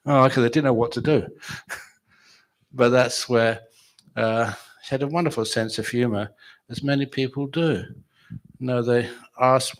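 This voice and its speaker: A man's voice: mid-range voice, fairly even intonation, normal speed, pauses often. A man giving a chatty, humorous dharma talk at a retreat, telling stories and laughing with his audience. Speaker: meditation teacher.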